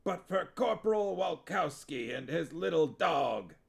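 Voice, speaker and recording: A man's voice: on the high side, sing-song, unhurried, gravelly, voice pushed up, full character voice. A man barking as a bossy dwarf stage director. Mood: rousing. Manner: barking, drill-sergeant orders.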